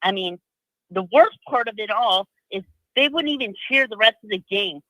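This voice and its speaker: Dude calling in to complain, high sharp voice, dry close sound. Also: male voice, lively intonation, moderate pace, no room sound, poor audio. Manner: blunt, complaining. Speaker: caller. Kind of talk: phone call-in.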